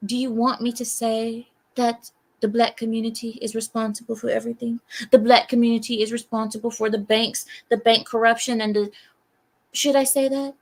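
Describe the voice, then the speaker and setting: Her voice is a little high and fairly flat in pitch, at normal speed, as this America-based woman reads viewer comments on her livestream. She responds in an exasperated way, full of sighs and rhetorical questions.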